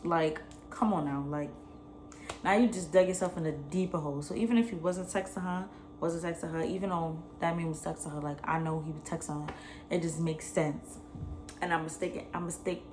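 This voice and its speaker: A young adult woman, telling a personal story in a slangy, animated way. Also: lowish voice, a little fast, background noise. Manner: animated, slangy retelling, acts out both sides. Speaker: vlogger. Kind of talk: casual storytime.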